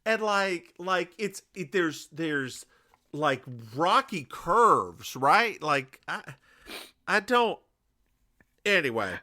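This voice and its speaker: A male podcast co-host in casual recap chat who rambles and restarts his sentences as he jokes around. His voice is bright and animated. He speaks at an unhurried pace. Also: high voice, dry recording, studio quality. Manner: rambling, many restarts, joking.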